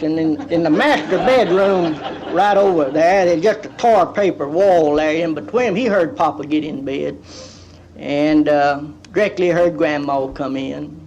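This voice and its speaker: A man's voice: fairly high pitch, darkish tone. A middle-aged man with an East Texas accent telling folksy comic yarns, drawling and slipping into the voices of the people in his stories. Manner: drawling folksy yarn-spinner, slips into quoted voices. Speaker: storytelling comedian. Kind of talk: live comic storytelling.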